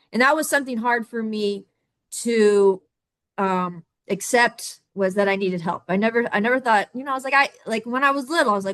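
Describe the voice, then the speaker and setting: A woman in her thirties speaking on a video call, telling her own story in a halting way with many restarts and repeated words. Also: mid-range voice, fairly bright tone, no room sound. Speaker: summit guest speaker. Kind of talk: candid personal storytelling.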